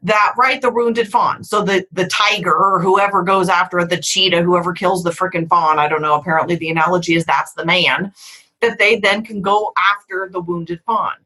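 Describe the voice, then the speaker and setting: A woman's voice: lowish voice, fairly even intonation, normal speed, pushed and bright, low-quality recording. A middle-aged woman hosting a podcast, talking frankly and emphatically in a candid conversation, swearing casually. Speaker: podcast host.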